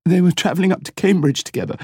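A distraught wife choking out a few words at a time between sobs, as a male narrator raises his voice to play her. She sounds higher and more strained than the storyteller around her, in a dry, close audiobook recording. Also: expressive, quick pace, mellow, husky, no echo. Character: grieving woman, a distraught wife breaking down in tears.

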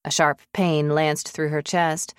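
A woman narrating an audiobook in a measured, even storytelling manner on a close studio mic. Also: low-pitched, clean tone, dry recording. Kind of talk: scripted narration.

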